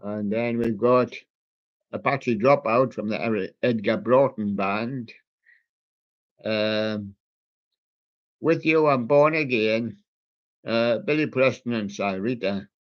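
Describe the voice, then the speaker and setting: A man's voice: on the low side, slow, pauses often, highs cut off. A man hosting a music show, reading out song titles in a rambling, casual way with puns on the titles. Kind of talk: casual record-show chat.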